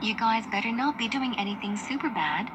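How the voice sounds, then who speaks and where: A woman's synthetic voice playing a bossy female cartoon friend with a flat delivery. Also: on the high side, fairly quick, background noise, close to an everyday voice.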